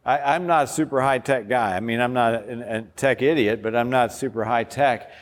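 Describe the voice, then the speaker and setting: A man's voice: mid-range voice, moderate pace. A man, a pastor, giving an enthusiastic, informal workshop talk while demonstrating an app step by step. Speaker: pastor presenting a discipleship app. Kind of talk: workshop presentation. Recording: long hall reverb.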